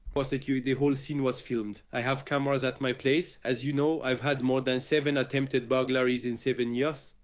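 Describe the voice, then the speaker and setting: A man, a content creator, telling his followers about a break-in in a halting way, with frequent uhs and restarts. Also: medium pitch, flat delivery. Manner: hesitant, many uhs and restarts. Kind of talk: video statement to followers.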